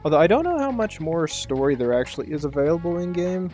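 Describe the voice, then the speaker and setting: A man's voice: a little high, sing-song, quick pace, a little mellow, soft background music. A man giving casual, rambling commentary while playing a video game. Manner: laid-back, rambling. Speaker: gaming channel host.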